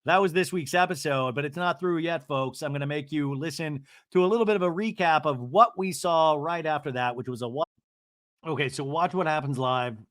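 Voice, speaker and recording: A man's voice: on the high side, brisk, a bit bright, dry recording, clean studio sound. A man hosting a podcast, giving a casual, rambling TV recap full of crude jokes. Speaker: podcast host.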